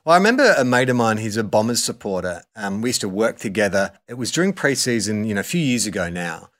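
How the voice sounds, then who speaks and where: A man's voice: on the low side, fast talker. Australian man telling footy stories. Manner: animated storyteller, laughs while acting out quotes. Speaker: podcast host. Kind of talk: casual sports chat.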